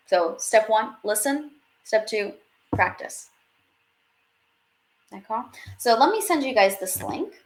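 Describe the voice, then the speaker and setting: Brief: young female teacher, live online class, chatty and upbeat, mid-pitched, slips French phrases in. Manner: chatty, laughs often, mixes French phrases into English. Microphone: webcam or headset on video stream.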